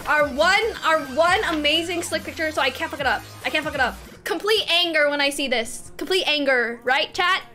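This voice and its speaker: A woman's voice: high-pitched, a little fast, hardly any pauses, sharp tone. A woman streamer chatting casually to her viewers, cursing and often breaking into laughter. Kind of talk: casual livestream chat. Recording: music playing in background.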